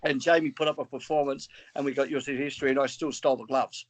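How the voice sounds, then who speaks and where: A man's voice: medium pitch, fast talker. A man, a former trainer calling in, telling a long story with lots of swearing and acted-out dialogue. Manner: animated, swearing, acts out dialogue. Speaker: former trainer, guest caller. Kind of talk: storytelling on a call.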